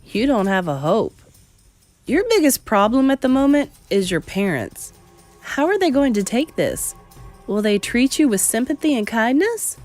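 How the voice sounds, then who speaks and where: A woman voicing a calm, sensible young boy turned into a mouse, speaking in a patient, matter-of-fact, gently teasing way. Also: on the high side, moderate pace, soft background music.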